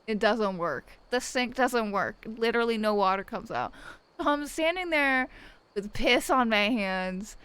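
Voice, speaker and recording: A woman's voice: a little high, lively intonation, a little slow, a bit bright, clear, resonant tone, low-quality recording. A young woman streamer telling a rambling, profane story in casual chat, often laughing. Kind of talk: casual chat while gaming.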